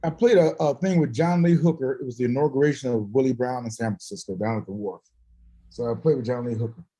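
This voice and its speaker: In a low-quality recording, a man of medium pitch talks at a quick pace. He's a guest musician swapping stories in casual conversation, laughing a lot and performing the voices of whoever he's quoting.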